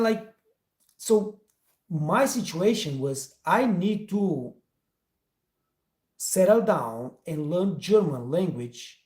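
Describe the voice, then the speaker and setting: Mellow-voiced man telling a motivational story. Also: sits high, lively intonation, slow, pauses often, echoey room. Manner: emphatic, addresses listeners directly, non-native English phrasing. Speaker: host, restaurant trainer.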